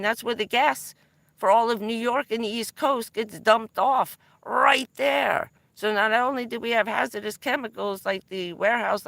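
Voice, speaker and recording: A middle-aged woman from New Jersey on a vanlife live stream, talking casually and telling rambling, excitable stories with the odd swear word. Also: on the high side, vocal fry, no room sound. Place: in or around her van.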